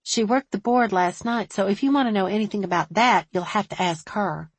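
A woman's voice: mid-range voice, brisk, breathy edge, no echo. A woman voicing a chatty small-town switchboard operator who is eager and a bit defensive.

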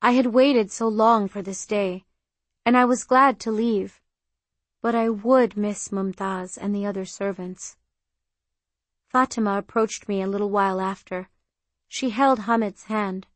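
A woman narrating an audiobook in the first person, in an even, measured reading. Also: medium pitch, no echo. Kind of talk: scripted narration. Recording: very dry close studio sound.

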